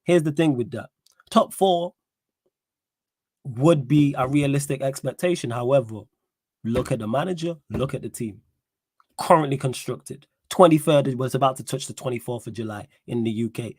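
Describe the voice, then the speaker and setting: A man hosting a casual football livestream, reading chat messages and pressing his co-host with pointed questions in lively street slang. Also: mid-range voice, no echo, studio quality.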